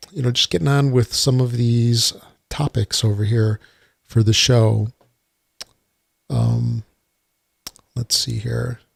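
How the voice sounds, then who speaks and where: A man's voice: medium pitch, vocal fry, slightly rough, dry recording. A man hosting a casual solo gaming podcast, rambling with lots of uhs and some dry sarcasm. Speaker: podcast host. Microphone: desktop computer mic.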